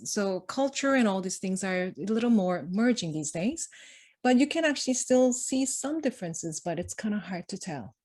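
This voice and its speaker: A middle-aged woman presenting to an audience in a conversational way, telling family anecdotes and acting out quoted lines with frequent laughter. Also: medium pitch. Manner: animated storyteller, acts out quoted lines, laughs often. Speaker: conference speaker.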